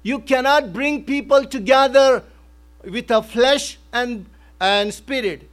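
A man's voice: very high-pitched, slow, fairly bright tone. A male pastor preaching a sermon in an emphatic way, repeating his key phrases.

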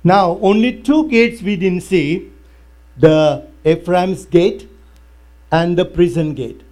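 A male pastor preaching a sermon in non-native English, telling stories with lively, broken phrasing. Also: high-pitched, takes it slowly. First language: not English. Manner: animated storytelling with broken grammar.

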